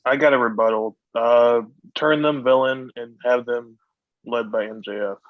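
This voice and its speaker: A man co-hosting a casual podcast chat who jokes and breaks in quickly. His sound is dull and lo-fi and very dry. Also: mid-range voice, fairly even intonation, no room sound. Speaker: podcast co-host.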